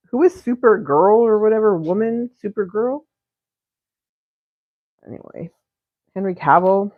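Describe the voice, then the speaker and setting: A woman's voice: medium pitch, dry recording. A woman hosts a live painting stream from home and chats in a meandering, giggly way, sprinkling in swears and half-finished thoughts. Her voice sits close and dry, with the dull, lo-fi sound of stream audio. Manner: rambling, giggly and profane, with frequent self-interruptions. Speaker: livestream painter and host. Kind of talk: casual live-stream chat while painting. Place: home studio.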